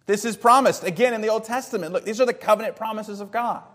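Man preaching with a slightly higher voice. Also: fast. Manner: teaching, asks rhetorical questions; varies loudness and pace for emphasis. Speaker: pastor. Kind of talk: expository sermon.

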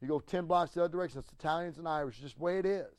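A middle-aged man, a pastor, telling a story in a sermon with animated swings from loud to hushed and stammering restarts. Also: on the high side, racing, dry recording.

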